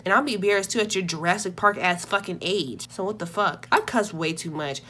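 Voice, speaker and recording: Young woman YouTuber, tired storyteller, casual and foul-mouthed, middle pitch, slight hiss on the track. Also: fairly quick, few pauses. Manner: casual, profane, animated storytelling. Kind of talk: storytime vlog.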